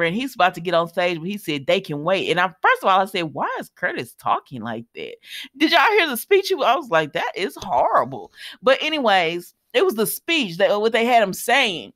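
A woman, recapping a soap opera episode in casual, animated chat that talks straight to listeners and laughs often. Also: medium pitch, a little fast.

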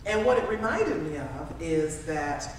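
Speaking a little slowly in a low-pitched voice, a keynote speaker entertains a live crowd with humorous motivational stories. Her storytelling is animated and self-deprecating, punctuated by frequent laughter. The recording, made from a distance in a large, very echoey conference room, carries ambient noise.

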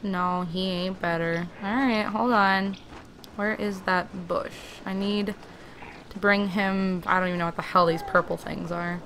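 A woman playing a video game and commenting casually, excitable and swearing freely as she chats to the characters on screen. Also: medium pitch, a little hiss or hum. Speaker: let's play gamer.

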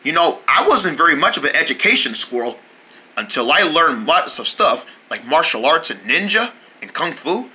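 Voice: medium pitch, sing-song, normal speed, pushed and bright. A performer doing a chatty heroic squirrel. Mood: warm. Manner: chatty, rambling, playful. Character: excitable heroic squirrel, big brother type.

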